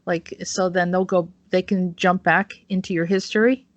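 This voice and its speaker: A woman's voice: fairly low pitch, steady tone, normal speed, no room sound. A woman hosting an online talk show, rambling with plenty of fillers. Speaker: host. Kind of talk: casual online chat. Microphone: video call. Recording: dull, dry video-call audio.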